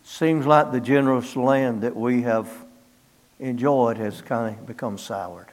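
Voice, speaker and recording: A man's voice: mid-range voice, a little slow. A middle-aged man preaching a sermon in a folksy storytelling way, acting out biblical dialogue in plain country speech.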